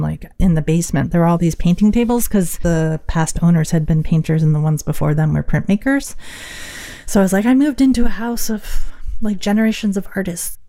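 A woman's voice: low-pitched, mellow. A middle-aged woman musician talking reflectively in an interview, with many fillers. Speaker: musician guest. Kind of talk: casual interview talk.

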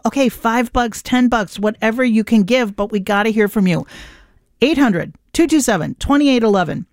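A woman's voice: fairly high pitch, no room sound. Female radio host, chatty and enthusiastic, dry close studio mic. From Minnesota. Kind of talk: on-air pledge drive appeal. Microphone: studio microphone.

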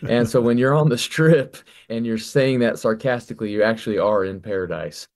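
A man in his forties, a musician on the radio, talking about his album in a relaxed, reflective way and often repeating words as he thinks. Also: mid-range voice, fairly quick. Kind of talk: relaxed radio interview talk.

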